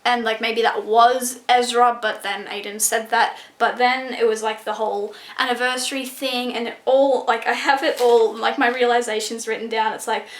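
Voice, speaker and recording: A young woman reviewing a book in a casual vlog, excitable and gushing, full of "like" and swearing. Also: a little high, normal speed, few pauses. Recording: echoey room.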